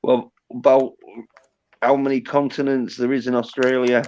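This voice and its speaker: Over dull lo-fi stream audio, a livestream host rambles and teases his guest, swearing heavily in casual banter. His mid-range voice is level, somewhat mellow and clean, at a moderate pace.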